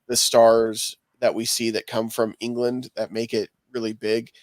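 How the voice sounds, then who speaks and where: A man's voice: mid-range voice, little pitch movement, unhurried, no room sound. Guy rambling on a movie podcast, pretty dry sound. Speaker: podcast co-host. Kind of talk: casual chat.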